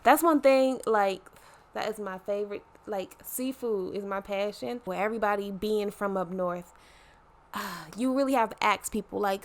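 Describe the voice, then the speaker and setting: A woman's voice: medium pitch, moderate pace. A woman in her twenties from Baltimore, with a Baltimore accent and a slight Southern twang, talking to camera in a chatty, slangy, playful way. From Baltimore, Maryland. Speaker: vlogger. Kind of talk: casual chat to camera.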